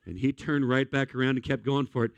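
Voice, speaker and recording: A man preaching a sermon, a pastor who tells animated, comic stories from family life. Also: medium pitch, quick pace, creaky, no echo.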